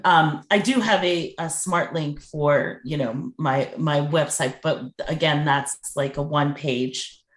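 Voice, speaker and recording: Low-voiced woman guest in an echoey room. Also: slow, hardly any pauses. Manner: earnest, thoughtful, with many fillers. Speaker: guest, mother and business coach. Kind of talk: casual interview answers.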